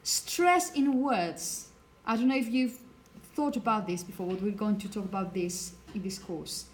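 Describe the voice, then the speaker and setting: A woman's voice: mid-range voice, normal speed. A woman whose first language is Spanish, teaching a phonetics lecture to a class and checking in with "okay?" as she explains.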